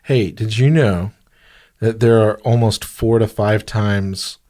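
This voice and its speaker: A man's voice: lowish voice, steady tone, takes it slowly, mellow. A man co-hosting a podcast in a studio, chatting casually, rambling and trailing off while laughing at his own jokes. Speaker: podcast co-host. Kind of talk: casual chat.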